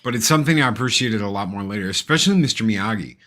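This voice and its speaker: A man hosting a casual movie discussion, animated and acting out scenes in put-on voices. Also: lowish voice, very fast. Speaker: podcast host.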